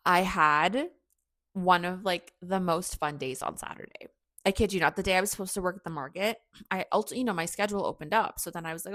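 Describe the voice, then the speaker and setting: A woman's voice: on the low side, brisk, a bit bright, dry recording, studio quality. A young woman hosting a podcast, telling a personal story in a candid, chatty way, full of "like" and self-mocking asides. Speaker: podcast host.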